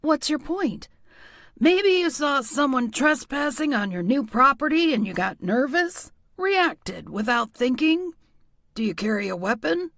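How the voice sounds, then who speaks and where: A woman's voice: sits high, sing-song, unhurried, vocal fry, fairly bright tone, no echo, studio quality, full character voice. A woman voicing a genial older male small-town police chief who asks folksy, probing questions. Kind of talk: audiobook character voice.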